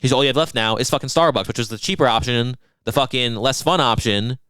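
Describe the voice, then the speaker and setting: A young man talks quickly in casual podcast banter, rambling and swearing as he retells stories. His voice is smooth and resonant. The sound is dry and close, with no room echo. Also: mid-range voice, a bit bright. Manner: rambling, profane, mimics people in quoted voices. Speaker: podcast co-host.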